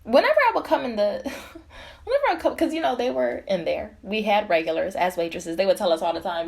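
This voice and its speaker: A young woman tells a casual storytime tale in an animated, profane way. Her pitch swings widely as she talks, and she laughs often between phrases. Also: fast talker, gravelly.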